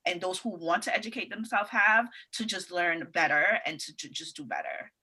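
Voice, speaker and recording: Woman, lowish pitch, bright tone, earnest panel talk. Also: moderate pace, husky. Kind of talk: casual panel discussion.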